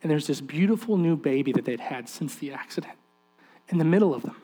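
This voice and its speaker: Animated man telling a sermon story. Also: a little high, brisk, slightly rough. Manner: animated storyteller acting out quoted voices. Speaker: preacher.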